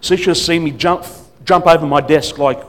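This is a man giving a sermon as a guest pastor. His voice sits a little high for a man. He mixes humor into his stories and acts out the voices of the people in them. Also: brisk, fairly bright tone. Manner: storytelling with humor and acted quotes.

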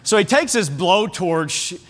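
Middle-aged American man preaching a sermon, raised pitch, very animated delivery, joking asides between scripture. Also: takes it slowly. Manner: lively preaching with asides and chuckles, reading scripture aloud. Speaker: pastor. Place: church sanctuary.

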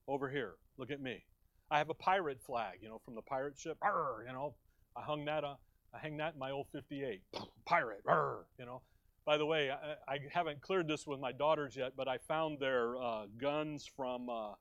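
Folksy preacher man, higher voice, dry sound. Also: fairly bright tone, no room sound. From Chicago. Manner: folksy, joking asides to the congregation. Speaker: pastor. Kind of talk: sermon. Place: church.

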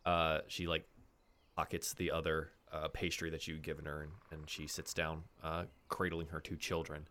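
A man narrating as game master of a tabletop game in a relaxed, halting way over an online call. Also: very deep voice, a little hiss or hum. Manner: relaxed, halting, many fillers. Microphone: online call microphone.

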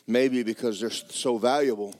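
Preacher man, loud then hushed. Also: mid-range voice, fairly even intonation, moderate pace, no echo. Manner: loud preaching that swings to quiet, joking asides. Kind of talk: sermon.

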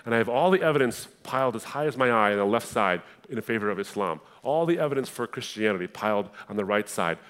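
A young adult man from the Middle East giving a passionate personal testimony in a sermon style, moving between hushed and fiery delivery. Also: fairly low pitch, animated, fast talker, few pauses, smooth.

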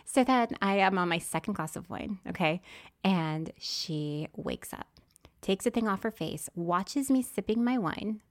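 A woman's voice: mid-range voice, a little slow. Chatty woman telling a story. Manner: animated, acts out voices, laughs often. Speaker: podcast co-host. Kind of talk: casual storytelling chat.

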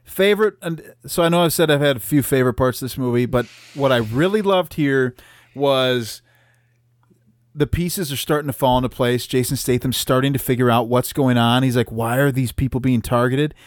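A man's voice: medium pitch, normal speed, no echo. A man co-hosting a casual podcast, talking enthusiastically about his favorite parts of a movie. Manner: enthusiastic, animated. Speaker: podcast co-host.

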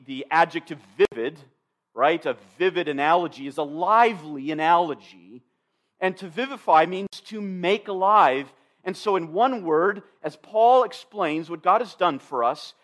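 A man's voice: high voice, a bit bright. A pastor preaching an expository sermon, addressing his listeners directly and repeating key phrases for emphasis.

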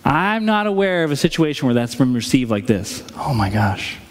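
Animated male pastor preaching. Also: fairly high pitch, fairly quick, a little hiss or hum. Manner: conversational, animated, acts out quotes. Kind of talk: sermon. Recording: echoey hall.

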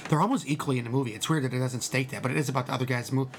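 On a podcast, a co-host with a mid-range voice races through a movie recap at a very fast clip. He rambles, laughs, and performs lines from the film; faint noise sits in the background.

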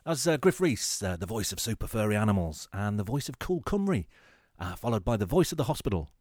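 A man hosting a spoof hospital radio show, delivering a sarcastic comic monologue with deadpan mock-grand phrasing. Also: on the low side, quick pace, no room sound, studio quality. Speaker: host of a comedy radio show.

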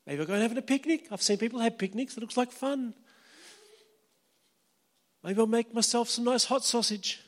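A preacher doing a gloating, clueless Satan. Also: male voice, very high-pitched, big-room sound. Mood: musing. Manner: boastful shouting, then fast idle musing.

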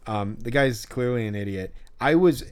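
A man's voice: medium pitch, animated, moderate pace, clean tone. A man co-hosting a podcast, telling a story in a rambling, casual way with lots of fillers and restarts. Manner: mimics other fans in a raised voice. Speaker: podcast co-host. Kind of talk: casual chat.

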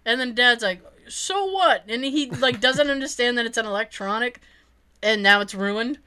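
A woman chatting casually, telling an animated story and acting out the people in it, laughing often. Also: on the high side, moderate pace, clean tone. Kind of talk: casual chat.

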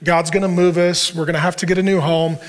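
A middle-aged pastor preaches in an earnest, conversational way, speaking to a men's group. He has a slightly higher-pitched voice and tells a personal story in a plain, down-to-earth manner. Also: flat delivery, fast talker.

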